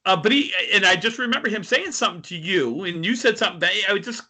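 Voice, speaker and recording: Lively, bright-voiced male podcast co-host. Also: sits high, quick pace. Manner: rambling, restarts questions, laughs easily. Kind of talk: casual interview chat.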